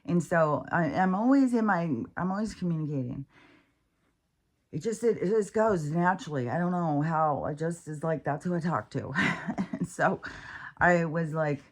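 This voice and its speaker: A woman's voice: fairly low pitch, lively intonation, moderate pace. A woman vlogging in a casual, rambling monologue about her spiritual life, candid and profane, with many fillers and restarts.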